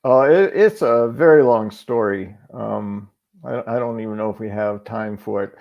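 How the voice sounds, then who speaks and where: A man's voice: fairly low pitch, moderate pace, gravelly, muffled recording. A middle-aged man talking as a show guest in casual chat, reflective and storytelling, often restarting his sentences.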